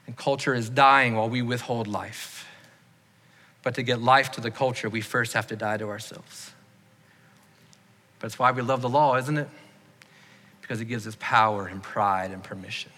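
A man's voice: mid-range voice, normal speed, pauses often, bright, forceful tone. A man preaching a sermon as pastor, earnestly asking the congregation to raise their hands. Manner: earnest, leads the congregation in raised-hand questions. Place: church sanctuary. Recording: long hall reverb.

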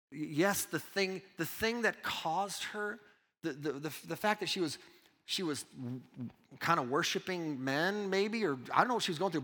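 Bright-voiced male pastor preaching in a hall. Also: high voice. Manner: swings from loud urgent preaching to hushed intimate asides. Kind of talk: sermon.

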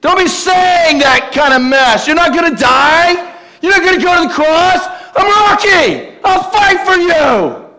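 A man voicing a brash, tough-talking apostle cast as a street boxer, full of loud, cocky bravado. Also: very high voice, expressive, unhurried, voice pushed up, heavily acted, rough recording. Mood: defiant.

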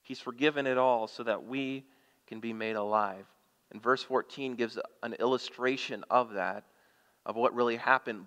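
Male pastor, sermon, reads scripture with building emphasis, asks the congregation questions, medium-pitched voice, long hall reverb. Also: steady tone, moderate pace, fairly bright tone.

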